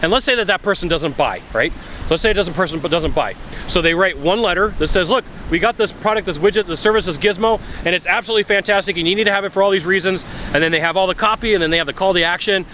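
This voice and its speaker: A man's voice: high-pitched, quick pace, bright, forceful tone, slight background noise. A man giving blunt sales advice in a casual vlog, acting out phone calls as he talks. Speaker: sales coach. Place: outdoors by a bay.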